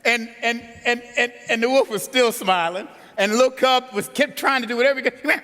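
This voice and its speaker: A man preaching an animated storytelling sermon that builds to a rousing close, recorded in a large conference hall. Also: very high voice, fast talker, few pauses.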